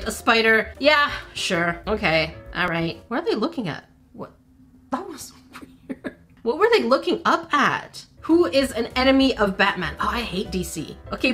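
A woman's voice: a little high, fairly bright tone. A woman, a former teacher, giving playful let's-play commentary, laughing often and scolding game characters. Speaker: gaming channel host.

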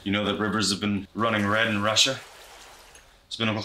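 A man's voice: little pitch movement, fairly quick, noisy background. A young man doing a mock-paranoid comedy rant as a YouTuber. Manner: mock-paranoid, yelling in a frantic high voice. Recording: voice over loud music.

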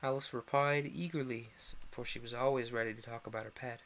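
A young man reads a storybook aloud on a live stream. He narrates expressively in a middle-pitched voice and slips into character voices. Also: fairly even intonation, brisk, few pauses, a bit bright, slight background noise.

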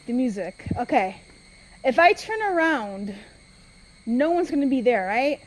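Scared woman gamer, slow and high, swears a lot. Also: very animated. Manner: frightened, swearing, yelling at the game. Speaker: gamer playing a horror game. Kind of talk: horror let's play commentary.

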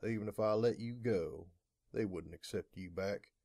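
A man voicing a calm, manipulative stallion. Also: lowish voice, moderate pace, vocal fry. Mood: calm persuasion. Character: smooth-talking stallion captor, calm and manipulative. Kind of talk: audiobook narration.

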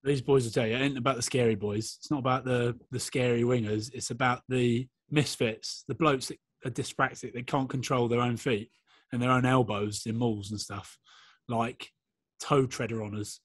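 A man's voice: mid-range voice, fairly even intonation, moderate pace, no room sound. A man on a casual sports podcast, teasing his mates with swearing and frequent laughs. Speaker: podcast co-host and rugby player. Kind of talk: casual banter.

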